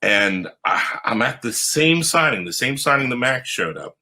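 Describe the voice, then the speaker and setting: A man, a comic book writer, telling stories in an animated podcast conversation and acting out the voices of the people in them. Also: normal speed. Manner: animated, acts out quoted voices with big pitch jumps. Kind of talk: animated storytelling in a podcast interview.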